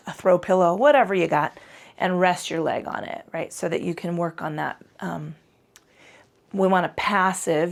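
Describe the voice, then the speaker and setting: Woman yoga instructor, gravelly low fry, swearing freely, loose and chatty delivery. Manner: irreverent and profane, chatty with self-corrections. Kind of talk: casual spoken yoga class. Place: home yoga space on a mat.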